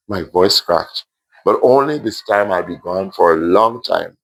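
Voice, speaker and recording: A Jamaican man gently reading his own emotional story aloud to a primary school class, adding asides. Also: low-pitched, lively intonation, a little slow, gravelly.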